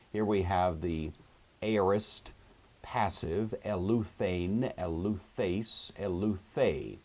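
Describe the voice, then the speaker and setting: Low husky man teaching Greek grammar. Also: darkish tone. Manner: methodical, patient explaining with slow, drawn-out example words. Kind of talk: recorded grammar lecture.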